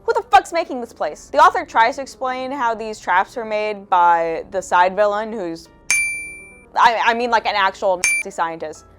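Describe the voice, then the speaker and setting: A woman's voice: mid-range voice, lively intonation, normal speed, soft background music. A young woman giving a casual commentary rant as a video essayist, profane, sarcastic and exasperated.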